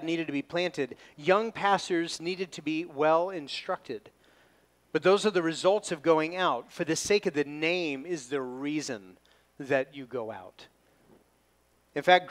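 A pastor preaching an expository sermon, leaning hard on key words and slowing down when he reads scripture. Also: fairly high pitch, fairly bright tone. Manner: emphatic, slows down to stress scripture readings.

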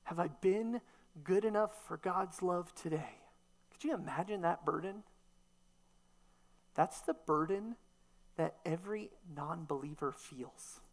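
Woman preacher, lower voice, emphatic teaching sermon full of rhetorical questions. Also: measured pace, long pauses.

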